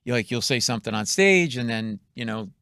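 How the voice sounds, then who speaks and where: A man's voice: medium pitch, lively intonation, gravelly, pushed and bright, dry recording. A middle-aged man, a comedian guest, telling stories in a radio studio and acting out the people in them. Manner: acts out quoted voices, punchy and quick. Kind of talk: animated comedic storytelling.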